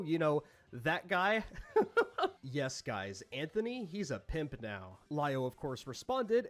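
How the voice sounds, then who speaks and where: Male commentary narrator, mocking and sardonic, animated intonation. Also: fairly high pitch. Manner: sarcastic, dry, mocking.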